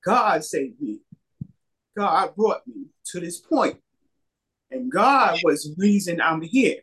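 With a high, very animated voice that is pushed, bright and slightly rough, a man slowly shares a personal faith testimony. It is casual and rambling, with lots of repetition and many quoted exchanges.

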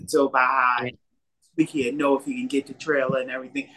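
At medium pitch and a brisk pace, a man with a level, pushed and bright tone gives a casual spoken faith testimony. He rambles and repeats himself, retelling many quoted exchanges with the people involved.

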